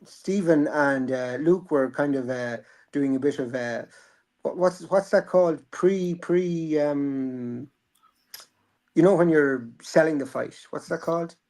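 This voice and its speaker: A man's voice: on the high side, unhurried, darkish tone. A man, hosting a casual boxing chat, rambling and joking, swearing freely. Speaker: boxing podcast host.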